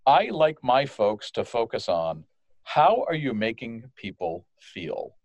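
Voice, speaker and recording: A man from France, a guest in an interview, explaining in a lively way and acting out the phrases he quotes. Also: medium pitch, slow, no echo. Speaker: guest, customer service manager. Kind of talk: conversational interview.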